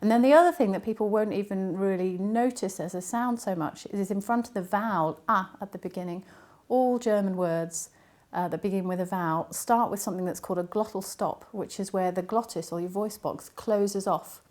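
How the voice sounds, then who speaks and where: A woman linguist answering interview questions, explaining patiently with frequent ums and pauses. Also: medium pitch, warm tone. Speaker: linguist and university academic.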